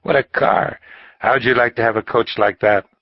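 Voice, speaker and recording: A man's voice: mid-range voice, fairly even intonation, moderate pace, dry recording, dull audio, natural voice. A man reading an audiobook and voicing an eager little older man who insists he spoke to the bullfighter. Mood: excited. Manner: eager, insistent, rising to exclaim.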